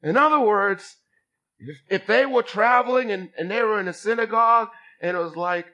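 A man in his fifties from Boston, preaching a sermon as a bishop with lively delivery and call-and-response to his congregation. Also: high voice, normal speed, muffled recording. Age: 50s. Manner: animated preacher, acts out voices, calls for response from the congregation.

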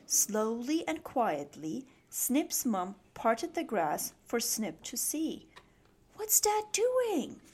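A woman narrates a children's bedtime story in a slow, soothing way. Her voice is fairly high and moves expressively up and down. She reads for small children drifting off to sleep. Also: very animated, a little mellow.

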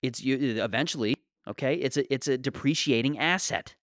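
A man's voice: medium pitch, normal speed, fairly bright tone, no room sound, clean studio sound. A male comedian delivering a sarcastic, exasperated rant in a monologue.

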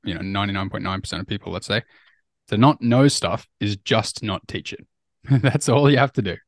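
Sex: man. Role: podcast co-host. Pitch: somewhat low. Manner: loose and chatty with "uh" and "like" fillers. Sound: dry, close mic. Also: brisk, dry recording. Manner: casual, with "uh" and "like" fillers and light laughs. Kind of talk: casual podcast conversation.

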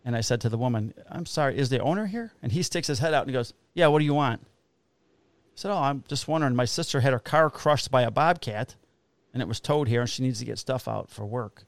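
Profane storytelling cop, dry sound. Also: male voice, mid-range voice, brisk, no echo. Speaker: podcast co-host and police officer. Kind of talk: casual storytelling chat. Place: Illinois.

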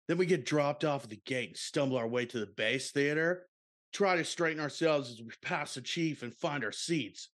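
Guy putting on a mellow surfer-bro airman, drawls and tacks dude onto everything, mid pitch. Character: laid-back young male airman, surfer-dude drawl.

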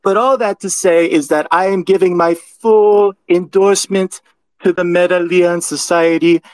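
A man's voice: high-pitched, fairly even intonation, measured pace, darkish tone, dry recording, low-quality recording. A man impersonating a boastful older male politician who rambles, praises himself and repeats his phrases. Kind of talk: impression in an online audio room.

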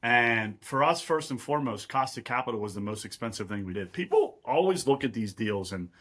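A man's voice: mid-range voice, animated, brisk, a bit bright. A man from Pittsburgh, a real estate investor, explaining at length as a guest in a podcast interview and often checking in with "right?". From Pittsburgh, USA.

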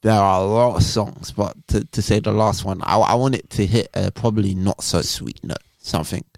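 A man, co-hosting a podcast in a casual, animated and playful way. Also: on the low side, moderate pace, vocal fry, dry recording. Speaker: podcast co-host. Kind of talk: casual chat.

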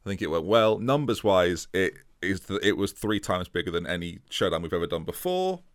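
A man's voice: low-pitched, animated, a little fast, no room sound. A man co-hosting a casual podcast, answering with dry, wry humor. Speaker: podcast co-host and tournament organizer.

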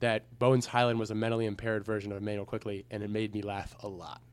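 A man's voice: on the low side, level tone, fast, smooth. A man co-hosting a casual sports podcast, joking around and reading sponsor plugs. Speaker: podcast co-host.

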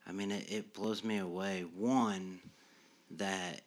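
Middle-aged man, very low pitch, halting reflective podcast talk. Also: fairly even intonation. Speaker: podcast co-host. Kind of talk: reflective casual conversation.

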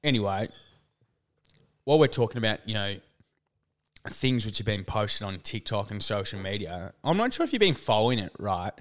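Lively, nasal young man. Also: fairly low pitch. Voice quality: whiny, nasal. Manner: animated storytelling, says "mate". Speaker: podcast co-host. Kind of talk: casual banter.

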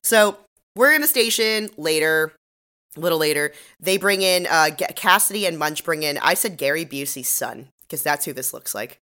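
A woman co-hosting a podcast, recapping a TV episode in giggly, animated casual chat. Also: sits low, normal speed. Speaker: podcast co-host.

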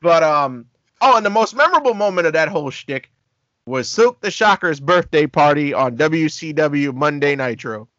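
A man with a high, very lively voice tells stories in a relaxed chat and bursts into put-on quotes. The sound is dry and a bit dull, with no room around it. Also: normal speed, dry recording. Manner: animated, acts out quotes with laughter. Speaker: podcast co-host. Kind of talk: casual storytelling chat.

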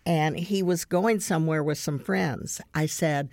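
A middle-aged woman with a somewhat low voice hosts the conversation, earnestly recounting a family story. She laughs here and there as she tells it. The recording is dry and close, with no room sound. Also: unhurried, hardly any pauses, a little mellow, dry recording. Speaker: podcast host.

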